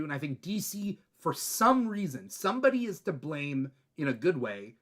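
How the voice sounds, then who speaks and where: Excitable, opinionated man hosting. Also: on the high side, normal speed. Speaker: host. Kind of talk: casual podcast chat.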